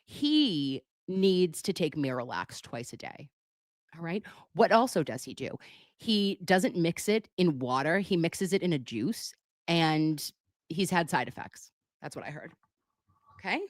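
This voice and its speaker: A woman's voice: sits low, very animated, a little slow, dry recording, studio quality. A woman hosting a casual live stream on a webcam, chatty and joking as she reads viewer messages aloud. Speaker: livestream commentator.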